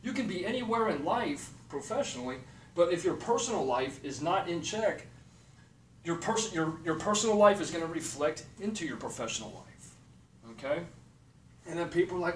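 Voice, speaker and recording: Blunt high-voiced man in an echoey room. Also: expressive, moderate pace. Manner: blunt, profane, repeats "okay" and "period". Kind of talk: motivational monologue. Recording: echoey room, distant mic, faint noise.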